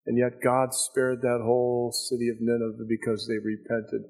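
A man's voice: medium pitch, completely flat delivery, moderate pace, darkish tone, breathy edge. A man preaching a sermon, telling a story with emphatic, dramatic delivery.

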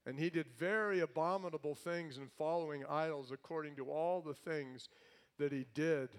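A male pastor preaching a sermon, lively and playful, with comic asides. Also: on the high side.

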